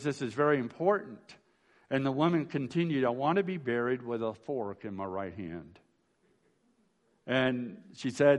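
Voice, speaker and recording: A man, a pastor, giving a memorial sermon in a folksy storytelling way, often restarting phrases and asking "right?". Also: mid-range voice. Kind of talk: funeral sermon.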